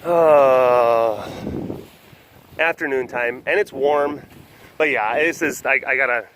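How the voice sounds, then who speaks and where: A man's voice: medium pitch, takes it slowly, a bit bright, a little hiss or hum, poor audio. A man hosting a casual webcast outdoors, rambling with lots of fillers and self-mocking asides. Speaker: vlog host.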